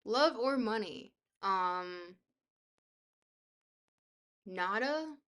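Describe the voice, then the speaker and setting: Bubbly young woman streamer, bright voice. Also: mid-range voice, expressive, very slow. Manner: bubbly, goofy, self-deprecating. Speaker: livestreamer. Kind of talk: casual chat, reading viewer messages.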